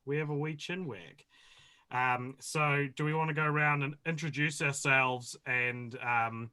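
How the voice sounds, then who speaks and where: Bright-voiced podcast host. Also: male voice, mid-range voice. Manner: chatty, laughs often. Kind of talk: casual podcast chat.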